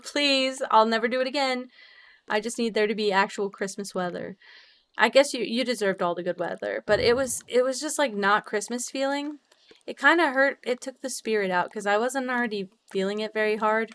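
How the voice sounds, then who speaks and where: A young woman chatting casually with her viewers while playing a game, bubbly and quick to laugh, swearing freely with sudden high squeals. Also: fairly bright tone, smooth. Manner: bubbly, swears freely, laughs often, big jumps in pitch. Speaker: streamer. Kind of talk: casual livestream chat while gaming.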